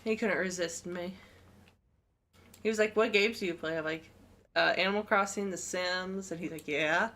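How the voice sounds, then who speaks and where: A woman's voice: on the low side, moderate pace, long pauses, a bit bright. A woman co-hosting a game stream, chatting casually and telling stories with frequent giggles. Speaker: gaming streamer co-host. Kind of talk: casual chat while playing a game.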